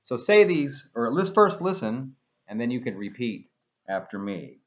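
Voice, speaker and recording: A man leads an English pronunciation lesson, drawing words out slowly and carefully so learners can repeat after him. His voice swoops up and down with lively expression, and he drops in playful asides. The sound is dull and a little lo-fi. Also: medium pitch. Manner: slow, careful modeling of words for repetition. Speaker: English teacher.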